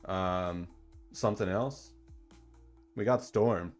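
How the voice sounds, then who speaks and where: A man hosting a casual livestream in a laid-back, slangy way that turns excited at times. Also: deep voice, takes it slowly, soft background music. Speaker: streamer and dungeon designer.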